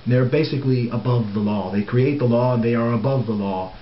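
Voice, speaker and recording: A man's voice: mid-range voice, brisk. A man talking straight to camera in an emphatic monologue, insisting on his points and repeating words for stress. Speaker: political commentator. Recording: roomy, dull, faint hiss.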